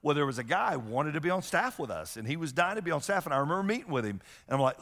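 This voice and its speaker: A man preaching a sermon as a pastor, conversational and animated, often acting out the voices of the people he quotes. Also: fairly high pitch, very fast, hardly any pauses. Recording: long hall reverb.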